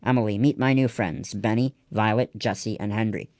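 A man's voice: on the low side, normal speed, darkish tone, no room sound, close to an everyday voice. A man reading the lines of a proud, firm old grandfather in a storybook. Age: older.

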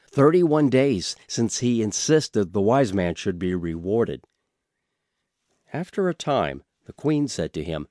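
Man reading a storybook slowly, lots of pitch swing, dry close studio sound. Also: no echo. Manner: slow, expressive reading. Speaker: audiobook reader. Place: radio studio.

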